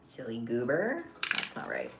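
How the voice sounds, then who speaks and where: A woman's voice: very deep voice, huge pitch swings, a little slow, vocal fry, very noisy. A woman streaming live while she crafts, chatting playfully with her viewers and her cat. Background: background music.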